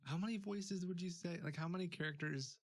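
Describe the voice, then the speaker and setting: A man's voice: high-pitched, a little fast. A man hosting a live stream, chatting loosely and laughing often. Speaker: streamer host. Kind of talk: casual chat.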